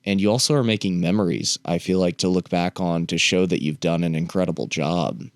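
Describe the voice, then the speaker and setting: A man hosting a podcast interview, calm and reflective as he asks questions. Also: sits low, a little fast, no echo. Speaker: podcast host.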